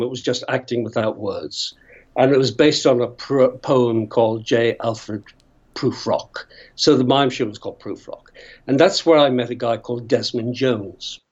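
Older Northern Irish actor guest, rambling raconteur, muffled remote audio. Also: male voice, mid-range voice, a little mellow. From Northern Ireland. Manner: chatty, rambling storyteller who laughs often. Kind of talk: casual interview storytelling.

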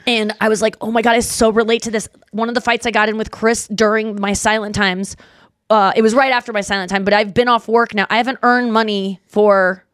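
A woman's voice: medium pitch, fairly even intonation, brisk, a bit bright, clear, resonant tone, dry recording, studio quality. A woman co-hosting a podcast, telling rambling stories in casual chat and acting out the people she quotes. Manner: rambling storyteller, acts out quotes. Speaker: podcast co-host.

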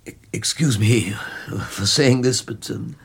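Brief: an old grandfather, gravelly and husky, slow and lively in pitch, 1940s radio acting. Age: older. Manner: halting, stammering when upset. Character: anxious old grandfather, gentle and protective. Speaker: grandfather of a sick boy.

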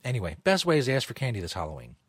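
A man's voice: medium pitch, wildly swooping pitch, rapid-fire, slightly rough, no echo. A man hosting a comedic talk show from a studio, rambling, jokey and profane. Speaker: host.

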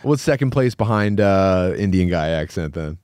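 A man's voice: low-pitched, lively intonation, a little mellow, smooth, no room sound, studio quality. Joking man on a podcast mic. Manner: joking, fast bursts, laughs often. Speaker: podcast co-host. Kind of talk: casual podcast banter.

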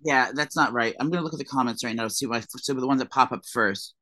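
A playful co-host talks casually, teasing and joking with mock-preachy asides. The voice sits in a middle pitch. The recording is close and dry. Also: fast talker, sharp tone, no room sound. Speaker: podcast co-host. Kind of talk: casual chat.

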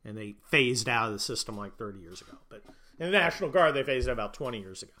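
Speaking fast at a medium pitch, a man runs through blunt, crude, opinionated commentary in a casual tone. Joking asides pop up as he shifts from loud bursts to quiet mutters.

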